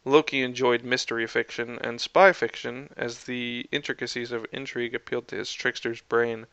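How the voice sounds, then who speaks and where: A man narrating a fanfiction story aloud in an even, unhurried storytelling manner. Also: mid-range voice, clear, resonant tone, dry recording, highs cut off. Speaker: fanfiction reader.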